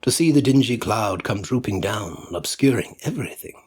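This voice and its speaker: A man narrating a classic story aloud, expressive and dramatic, at times dropping to a near whisper. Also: lowish voice, moderate pace, breathy edge. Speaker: audiobook narrator. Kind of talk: dramatic audiobook reading.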